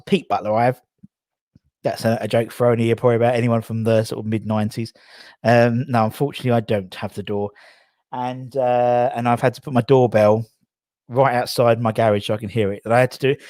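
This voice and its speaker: A man's voice: medium pitch, a little mellow, dry recording, studio quality. A man from England hosting a casual live stream, rambling and out of breath as he reads out viewer comments. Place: garage.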